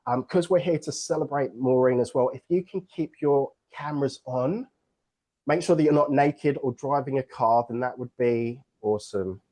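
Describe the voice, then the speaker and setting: A man's voice: mid-range voice, normal speed, mellow. A man from England with an English accent, hosting an online book launch on a video call in an upbeat, joking, playful way.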